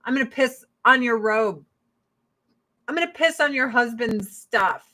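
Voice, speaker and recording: A woman's voice: fairly high pitch, lively intonation, unhurried, bright, forceful tone. A woman voicing her sassy, spoiled house cat as bored, rude and put-upon. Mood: snippy.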